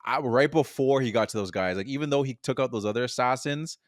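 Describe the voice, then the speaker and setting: A man's voice: mid-range voice, fast, no echo, clean studio sound. A young man co-hosting a podcast, chatting about a film in a rambling way, laughing often and trailing off. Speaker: podcast co-host. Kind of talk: casual film discussion.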